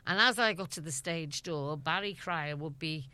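Low-pitched middle-aged woman with a Scouse accent, lively anecdotal guest with frequent laughs. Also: moderate pace, clear, resonant tone. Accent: Liverpool (Scouse). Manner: lively storyteller, laughs often. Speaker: interview guest. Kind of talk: chatty anecdotal radio interview.

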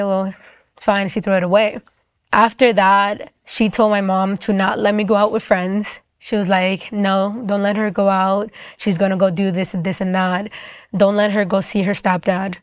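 A woman's voice: medium pitch, no echo, clean studio sound. A young woman casually recounting a personal testimony, full of "like" fillers and quoted dialogue. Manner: casual, conversational, frequent "like" fillers.

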